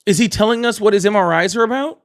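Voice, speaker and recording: Man, livestream host, blunt, argumentative, fairly high voice. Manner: blunt, argumentative, quick to interrupt. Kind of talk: live political call-in chat.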